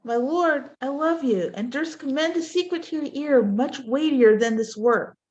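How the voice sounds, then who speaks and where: A woman's voice: high voice, moderate pace, darkish tone, muffled recording, close to an everyday voice. Sir Thomas Lovell, a woman reading a loyal knight. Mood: urgent. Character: loyal courtier knight, earnest and dutiful. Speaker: reader in a play reading. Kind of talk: amateur Shakespeare reading.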